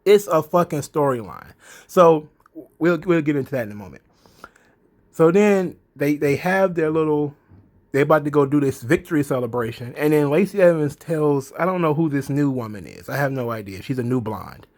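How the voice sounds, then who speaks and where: A man with a drawl recaps the news in a loose, casual commentary voice. His tone sits slightly high for a man, and he keeps breaking into laughter and tossing in profanity. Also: animated, moderate pace, a little mellow. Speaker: commentary vlog host.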